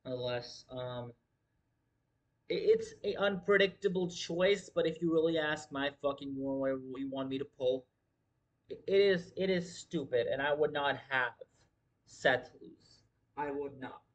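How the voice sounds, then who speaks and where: A man's voice: on the high side, unhurried. Profane, emphatic man hosting a wrestling stream. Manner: profane, emphatic, repeats himself. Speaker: wrestling livestream host. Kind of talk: casual livestream commentary.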